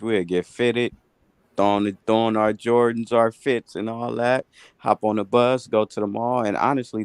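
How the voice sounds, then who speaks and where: A man in his late thirties telling stories in a relaxed, slangy podcast chat. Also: on the low side, clear, resonant tone, no echo. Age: 30s. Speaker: podcast co-host.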